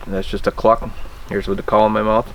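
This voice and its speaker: A man's voice: on the low side, little pitch movement, quick pace, vocal fry, slight background noise. A man casually teaching a hands-on technique, plainspoken and hesitant, often restarting his sentences. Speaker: turkey call instructor. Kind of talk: casual how-to demonstration.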